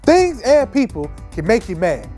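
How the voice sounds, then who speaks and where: A woman doing an energetic kids' show presenter with a fairly high voice that bounces all over the place. The delivery is playful and emphatic, and soft music plays underneath. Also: moderate pace. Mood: upbeat. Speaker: children's church character.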